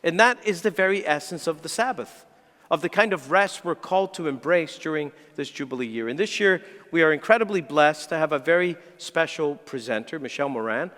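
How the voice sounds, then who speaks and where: A man's voice: a little high, lively intonation, a little fast, fairly bright tone. A male priest giving a homily in an earnest preaching manner with emphatic rises. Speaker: parish priest. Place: large church. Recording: long church reverb.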